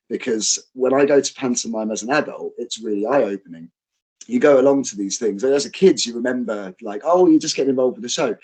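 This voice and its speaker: A man's voice: medium pitch, slightly rough, poor audio. Chatty male wrestler telling stories. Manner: animated, acts out quotes, fillers and restarts. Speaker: guest, professional wrestler and trainer. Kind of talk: casual interview storytelling.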